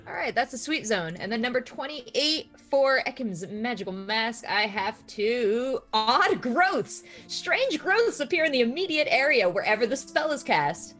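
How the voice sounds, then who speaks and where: A woman playing a tabletop game, excitable and chatty. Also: on the high side, unhurried, hardly any pauses, soft background music. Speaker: player. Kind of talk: casual tabletop game chat.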